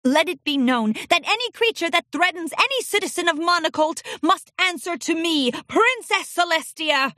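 A woman voicing a regal, commanding adult female pony princess in a storybook reading, with a high, lively voice. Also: a little slow, hardly any pauses, dry recording, clean studio sound. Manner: booming, regal.

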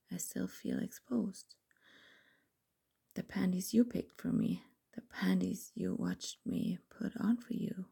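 A young adult woman telling an intimate first-person story in whispered role-play, slow and breathy. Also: on the low side, dark tone.

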